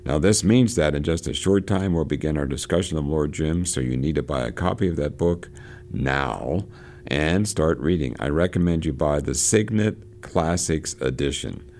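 Very deep, gravelly male radio host. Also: a little mellow. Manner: halting, with many fillers and restarts. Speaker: radio literature program host. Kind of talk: reading and discussing a novel on air.

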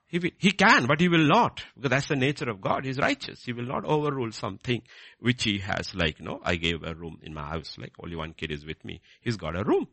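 A middle-aged man preaching a sermon, moving from quiet low scripture reading to loud, high-pitched exhortation. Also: lively intonation, brisk, creaky, no room sound.

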